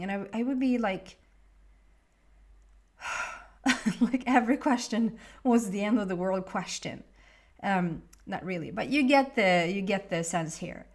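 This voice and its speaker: Emotional woman reading tarot, slightly high. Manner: emotional, rambling, laughs often. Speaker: tarot reader. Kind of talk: casual tarot reading monologue.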